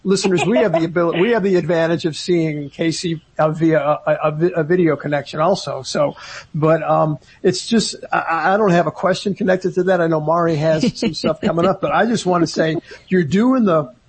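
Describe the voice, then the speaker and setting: Halting man host, husky voice. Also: on the high side. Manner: halting, repeats words. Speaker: podcast host. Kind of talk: casual interview talk.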